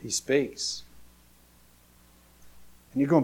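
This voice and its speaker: A man preaching a sermon in a folksy way, moving from quiet asides to rising, emphatic calls. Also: medium pitch, a little slow, long pauses. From Alabama, USA. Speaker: pastor.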